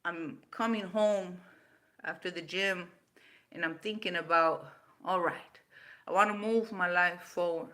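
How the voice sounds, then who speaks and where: On an unscripted livestream, a woman in her fifties responds to viewer comments, blunt and quick to swear. Her voice is on the low side, bright and forceful, with fairly even intonation and a measured pace.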